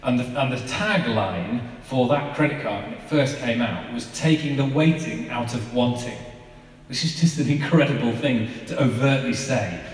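A man's voice: medium pitch, normal speed, few pauses. A man, giving an informal sermon in a chatty, conversational way with lots of fillers. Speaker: preacher. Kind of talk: informal sermon with family anecdotes. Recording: echoey hall, mic at a distance.

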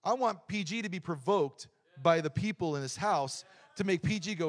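A middle-aged man preaching a lively, joking sermon in a church, swinging between loud points and quiet asides. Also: sits high, moderate pace. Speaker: pastor.

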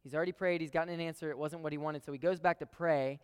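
A man's voice: a little high, fairly even intonation, quick pace, smooth, big-room sound. A man preaching a sermon in a casual, emphatic way, talking straight to his listeners and repeating phrases for stress.

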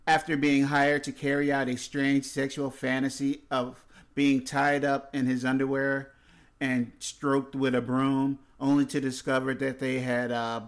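A man co-hosting a comedy podcast, reading strange news stories aloud with dry asides. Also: medium pitch. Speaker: podcast co-host. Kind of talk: casual comedic podcast chat.

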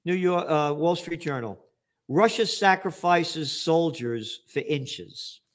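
Man, political commentary rant, sarcastic and foul-mouthed, somewhat high voice, bursts into shouting. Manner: sarcastic, profane, rising to angry shouts.

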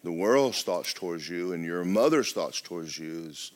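A middle-aged male pastor, preaching loudly and with life, often dropping to a hush. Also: sits low, moderate pace. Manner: loud, lively preaching with sudden drops to a hush. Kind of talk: sermon. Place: church.

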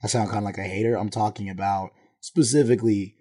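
Laid-back Bay Area man, deep mellow voice. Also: steady tone, fast talker. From Bay Area, California. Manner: laid-back, loose and slangy. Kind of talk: casual podcast chat.

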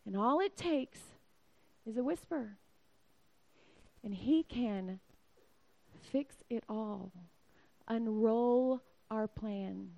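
A woman in her forties preaching a sermon, her delivery swinging from loud, excited outbursts down to near-whispers. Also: fairly high pitch, creaky, lo-fi sound.

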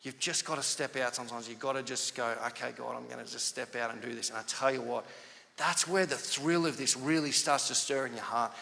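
A man's voice: medium pitch, a little fast, creaky, big-room sound. A male pastor, telling a story in a conversational sermon and acting out the dialogue. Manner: animated, conversational, acts out quoted dialogue.

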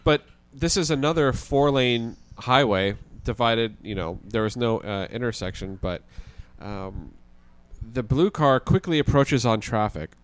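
A man, a guest on a podcast, telling a story in a casual, animated way with the odd swear word. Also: medium pitch, no room sound. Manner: animated, vivid retelling with occasional swearing.

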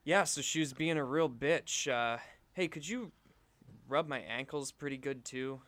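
A man's voice: mid-range voice, a little slow, a bit bright, natural voice. A man playing an awkward, needy, lovesick young man who talks hesitantly in an improvised comedy sketch.

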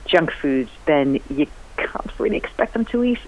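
A woman's voice: low voice, normal speed. A woman, a cookery writer and TV cook, chatting enthusiastically as a guest in a radio interview. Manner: chatty, enthusiastic, lively rising emphasis. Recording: lo-fi radio broadcast.

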